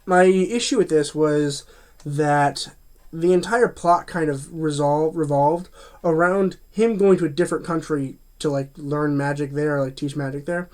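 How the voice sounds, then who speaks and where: A man's voice: on the high side, darkish tone. A man giving a casual spoken movie review, chatty and full of fillers and restarts.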